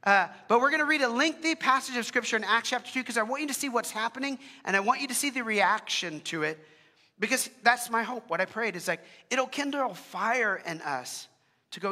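Bright high-voiced pastor in a reverberant hall. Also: male voice, moderate pace. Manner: earnest, joking asides, frequent restarts. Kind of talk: casual conversational sermon with prayer.

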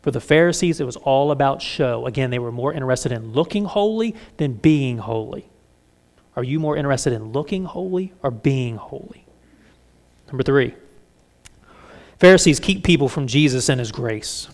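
A middle-aged man preaching a conversational sermon as pastor, candid and self-deprecating with lively asides. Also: medium pitch, normal speed.

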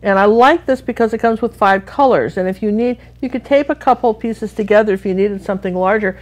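A woman's voice: mid-range voice, fairly quick, darkish tone. A middle-aged American woman from Washington State, giving a chatty, rambling live painting lesson full of friendly asides. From Washington State, USA. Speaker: art instructor.

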